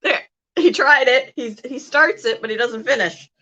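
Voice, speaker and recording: A woman's voice: high voice, moderate pace, bright, forceful tone, lo-fi sound. A woman hosting a pet channel, chatting to her birds in a coaxing, sing-song way and laughing often. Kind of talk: casual talk to pet birds.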